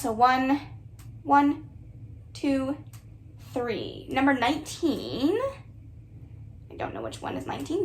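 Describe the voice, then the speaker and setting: With a high voice and a little hiss or hum in the audio, a young booktuber talks casually and giggles through her own vlog. She's indoors, in a bedroom with bookshelves.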